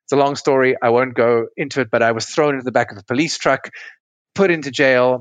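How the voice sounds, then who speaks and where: Man calmly explaining relationships, dry sound. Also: medium pitch, dry recording. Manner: explains patiently with metaphors, asks if it makes sense. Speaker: relationship coach, podcast guest. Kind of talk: conversational interview explanation.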